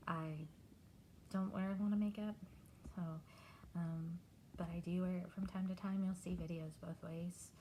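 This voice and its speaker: A middle-aged woman from Texas, talking candidly and haltingly in a personal video diary. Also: fairly low pitch, steady tone, dark tone, slight background noise, rough recording. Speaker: vlogger.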